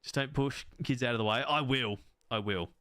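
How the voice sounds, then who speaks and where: A man's voice: mid-range voice, normal speed, pushed and bright, clean tone, no echo. An Australian man in his thirties, chatting and rambling casually while he plays a game, laughing often. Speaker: gaming streamer. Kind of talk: casual chat while playing.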